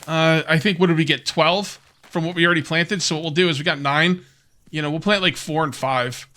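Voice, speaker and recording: A man with a slightly high voice and fairly even intonation talks a little fast while casually commenting on a survival game he's playing. He's a let's player who muses and rambles, questions himself with soft laughs, and hiccups along the way.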